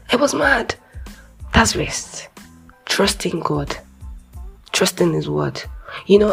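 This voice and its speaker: A young woman from Nigeria speaks to her listeners in a low, husky voice with a gravelly edge. Her devotional talk is earnest and conversational, sometimes dropping to soft whispered asides. Faint music plays behind her. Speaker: Christian speaker.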